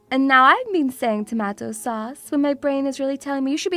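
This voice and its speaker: A woman's voice: sits high, moderate pace, hardly any pauses, a bit bright, soft background music. A woman from Russia chatting casually as a VTuber streamer, teasing and playful, calling her viewers sweetie. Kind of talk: casual chat.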